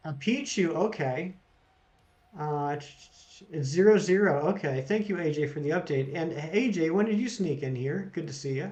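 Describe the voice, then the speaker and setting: A man's voice: a little high, animated, normal speed, darkish tone, muffled recording. Chatty man streaming games live. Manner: chatty, reads out chat jokes and greets viewers. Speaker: streamer reading live chat. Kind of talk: casual live-stream chat.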